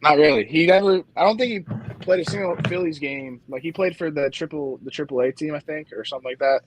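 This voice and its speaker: A man from Delaware co-hosting a sports podcast, relaxed and hedging as he talks. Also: a little high, fast talker, background noise. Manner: relaxed, hedging, says "like" often. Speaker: podcast co-host. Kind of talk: casual sports podcast chat.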